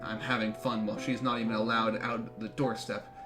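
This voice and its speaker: A man's voice: lowish voice, flat delivery, fairly quick. Joking male streamer reading aloud. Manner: jokey, swearing asides. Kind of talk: reading a visual novel aloud on a live stream. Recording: game music behind voice.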